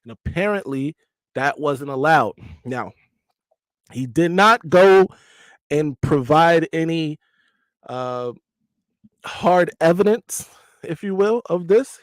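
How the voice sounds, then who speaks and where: A chatty man hosts a live stream. His voice sits a bit high, and he keeps drifting into joking asides. The recording is close and dry. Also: no room sound. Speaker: host. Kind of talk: casual live-stream commentary.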